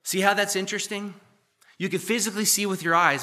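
A middle-aged man preaching a sermon as pastor, conversational and joking, asking the church questions and swinging between loud emphasis and quiet asides. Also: sits high, fairly even intonation, fast talker. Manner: conversational, asks the congregation questions.

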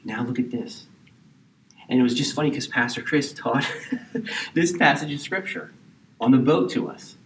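A man preaching a sermon in a church, talking in a conversational way that sometimes drops to a hushed near-whisper. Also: mid-range voice, normal speed, reverberant. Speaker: pastor. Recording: distant mic with faint background hiss.

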